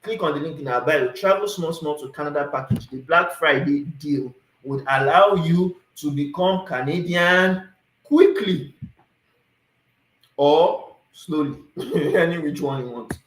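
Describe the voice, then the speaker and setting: A Nigerian man hosts a livestream, answering viewers' questions in a lively way and mixing pidgin into his English. His voice sits a little high. The sound is roomy and echoey. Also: normal speed. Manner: lively, repeats "you understand?", mixes in pidgin. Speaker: immigration consultant, livestream host.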